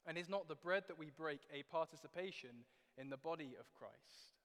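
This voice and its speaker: A man's voice: fairly high pitch, moderate pace, fairly bright tone, big-room sound. A man preaching a sermon in a church, speaking conversationally and asking many rhetorical questions.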